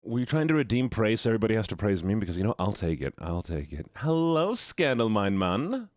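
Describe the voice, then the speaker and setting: A man's voice: fairly low pitch, fast, a little mellow, no room sound, clean studio sound. A young man streaming, chatting casually with viewers in a rambling way, repeating words and laughing often.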